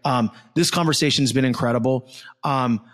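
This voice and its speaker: A man in his thirties, from Florida, hosting a casual interview chat, blunt and excitable, swearing freely and calling his guest "dude". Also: mid-range voice, normal speed. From Southwest Florida. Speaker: podcast host.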